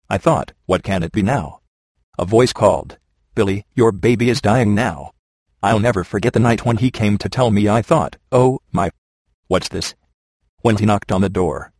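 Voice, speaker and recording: A man narrating a first-person memoir, reading in a steady, measured way. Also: on the low side, no room sound.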